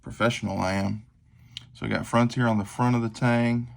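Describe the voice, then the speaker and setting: A man's voice: mid-range voice, fairly even intonation, brisk, gravelly. A man, talking casually and rambling through a show-and-tell of his gear, with lots of fillers and self-deprecating asides. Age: 40s. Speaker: knife collector vlogger. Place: tabletop at home.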